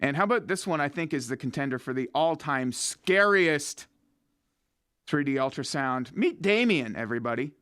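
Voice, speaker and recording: A man hosting a podcast chats casually with a guest, joking around and laughing often. His mid-range voice is expressive, pushed, and bright at a moderate pace. The studio sound is clean, with no echo.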